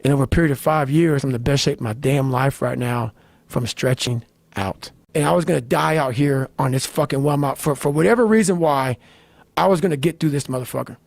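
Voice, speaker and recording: A middle-aged man giving a blunt, profane motivational talk, swinging between low growls and shouted bursts. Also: brisk, gravelly, no room sound. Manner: blunt, swearing constantly, fired-up. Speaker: motivational speaker. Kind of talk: intense profane monologue.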